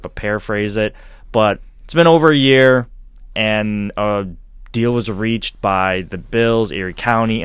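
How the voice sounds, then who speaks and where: Lower-voiced man telling rambling stories. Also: clean tone, no echo. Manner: animated, rambling storytelling with frequent restarts. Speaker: podcast host. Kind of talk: casual chat.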